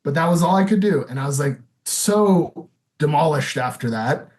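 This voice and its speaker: A man's voice: fairly high pitch, lively intonation, moderate pace, a little mellow. Candid man in his thirties. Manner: candid, loose, full of fillers. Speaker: podcast guest. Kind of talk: casual interview storytelling.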